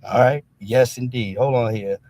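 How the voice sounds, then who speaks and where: A man's voice: mid-range voice, moderate pace, a little mellow, dry recording. A man hosting a casual live-stream commentary, blunt and profane, who keeps punctuating his points with a tag question. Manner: emphatic, keeps punctuating with "all right?"; blunt and profane street talk.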